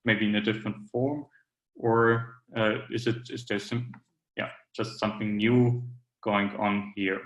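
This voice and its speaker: Man, conference talk, low flat voice, halting with fillers, echoey room. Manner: hesitant, many fillers and restarts. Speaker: academic speaker.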